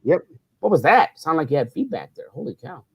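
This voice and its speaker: A man's voice: fairly high pitch, sing-song, a little fast, gravelly. A middle-aged man co-hosting a casual chat show, rambling and teasing like a big brother. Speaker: co-host.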